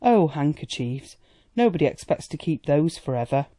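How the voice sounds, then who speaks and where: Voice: mid-range voice, sing-song, normal speed, mellow, no room sound. A reader voicing a worldly society woman who talks in a chatty, amused and indulgent way, in an audiobook. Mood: gushing.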